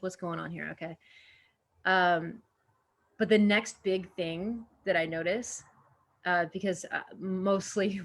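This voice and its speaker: A woman from Indiana who works as an actor, answering interview questions in a relaxed, rambling way full of fillers. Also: lowish voice. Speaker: actor, podcast guest.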